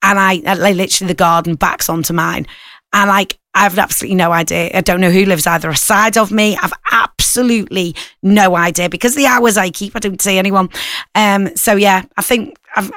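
A woman's voice: mid-range voice, a bit bright, no echo, studio quality. A middle-aged woman hosting a breakfast radio show, chatting casually with jokey, rambling asides.

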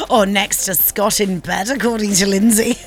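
A woman co-hosting a radio show, giddy and excitable as she reads the travel news. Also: mid-range voice, moderate pace, soft background music. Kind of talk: giggly radio banter and traffic report. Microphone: studio microphone.

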